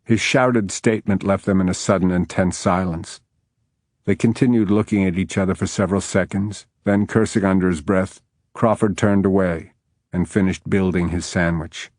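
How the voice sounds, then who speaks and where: Deep-voiced male audiobook narrator. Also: fairly even intonation, moderate pace, darkish tone, dry recording, clean studio sound.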